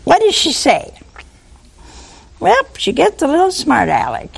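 A woman preaching a sermon, animated and full of rhetorical questions to her listeners. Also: high voice, unhurried, vocal fry, pauses often.

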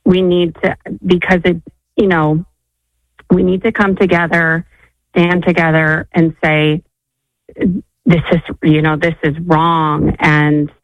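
A woman's voice: lowish voice, flat delivery, no room sound. Earnest woman caller on a muffled line. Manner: earnest, with filler pauses. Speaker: caller, former nurse. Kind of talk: phone-in conversation. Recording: dull lo-fi phone line.

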